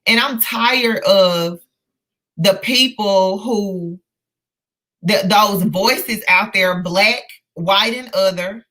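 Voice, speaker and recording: Woman host in her thirties, casual live-stream talk, slow, bright tone, heartfelt and halting. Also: medium pitch. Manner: earnest, impassioned, halting with many fillers and restarts. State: emotional, close to tears. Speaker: host of a live book discussion.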